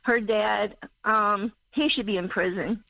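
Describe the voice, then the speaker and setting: A woman in her sixties from Missouri calls in to a talk show. She is emotional and speaks in halting, broken sentences. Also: medium pitch, vocal fry, pushed and bright, no room sound. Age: 60s. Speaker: caller. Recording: muffled phone line.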